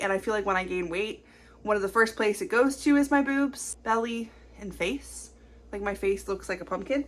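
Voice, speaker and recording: A young woman in her twenties talking casually to camera in a confessional vlog, rambling quickly with lots of fillers. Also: medium pitch, a bit bright. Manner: chatty, rambling, fast-talking with many fillers. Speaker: vlogger.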